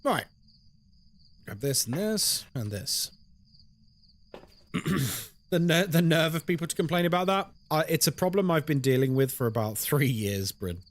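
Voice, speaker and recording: A young British man, a horror game streamer, chats casually and animatedly on a live stream, reading chat aloud and replying. He has a British English accent and a fairly high voice, speaking a little slowly with long pauses.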